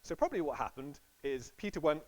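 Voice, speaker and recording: Slightly high-voiced man preaching casually. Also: lively intonation, quick pace, darkish tone, rough recording. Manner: casual storytelling, acts out quotes playfully. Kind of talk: sermon.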